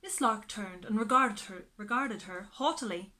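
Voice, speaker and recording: A woman reading a children's storybook aloud in a slow, expressive way. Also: medium pitch.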